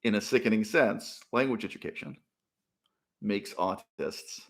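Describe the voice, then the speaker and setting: A man hosting his own channel, delivering a solo commentary monologue in a lecturing, emphatic way, with rhetorical questions and sharp jumps between loud and soft phrases. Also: on the low side, lively intonation, a little slow. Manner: rises and drops sharply in loudness between phrases. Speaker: channel host.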